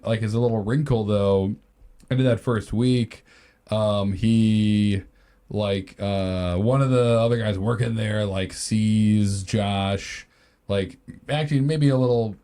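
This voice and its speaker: A man's voice: on the low side, warm tone. Rambling man improvising a story. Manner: rambling, many fillers. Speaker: podcast co-host.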